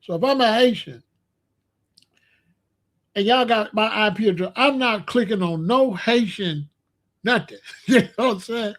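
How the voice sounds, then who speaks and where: Ranting vlogger, male, high voice, repeats himself, punches lines loudly. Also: unhurried, long pauses. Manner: animated, with emphatic repetition and loud outbursts. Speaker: commentary vlogger. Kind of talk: casual ranting commentary.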